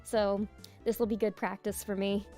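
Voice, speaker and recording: A young woman streaming a visual novel, reading narration aloud softly and chatting with giggles in between. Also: mid-range voice, flat delivery, moderate pace. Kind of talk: reading a game aloud with casual commentary. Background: game music.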